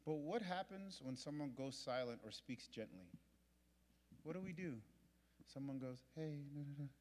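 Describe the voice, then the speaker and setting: A male pastor preaching a sermon in a large church auditorium, repeating his points and moving from hushed to loud. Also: mid-range voice, lively intonation, measured pace. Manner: impassioned, repetitive preaching that swings from hushed to loud. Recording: long hall reverb.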